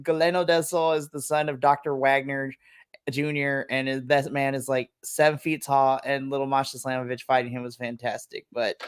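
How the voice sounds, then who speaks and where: A man's voice: medium pitch, level tone, normal speed, smooth, no room sound, clean studio sound. A man co-hosting a wrestling podcast, chatting casually and gushing enthusiastically as he recaps.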